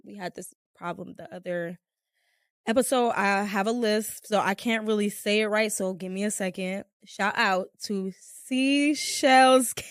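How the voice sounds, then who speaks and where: A woman's voice: mid-range voice, fairly even intonation, moderate pace, no room sound. Chatty young woman podcast host, dry close sound. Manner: chatty, rambling, heavy use of filler "like". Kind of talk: casual storytelling chat. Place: room with a small live audience.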